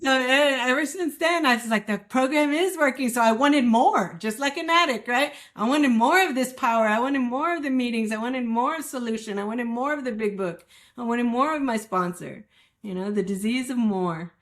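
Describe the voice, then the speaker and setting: A woman's voice: on the high side, normal speed. A woman guest giving a candid, emotional account of her recovery, acting out the voices of people she quotes. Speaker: guest sharing recovery story. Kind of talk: candid personal testimony.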